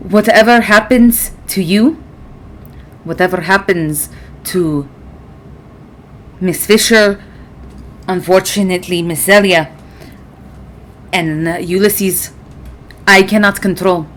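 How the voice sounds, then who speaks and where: A woman's voice: medium pitch, slow pace, long pauses, a little hiss or hum, close to an everyday voice. Woman doing a stiff formal vampire doctor guy, serious, calls everyone mister and miss. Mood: grave. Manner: formal, clipped address with titles. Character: stern male vampire doctor, formal and protective. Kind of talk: tabletop role-play in character.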